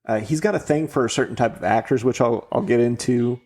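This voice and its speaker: A man's voice: medium pitch, a little fast, a little mellow. A man in his forties co-hosting a podcast, chatting in a laid-back, rambling way. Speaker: podcast co-host. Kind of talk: casual chat.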